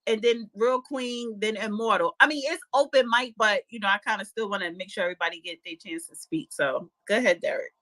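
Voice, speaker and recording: A woman's voice: mid-range voice, fairly quick, few pauses. A woman hosting an online audio room, talking frankly and keeping the turns moving. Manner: lively, frank, moderating. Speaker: host. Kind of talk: casual call-in chat.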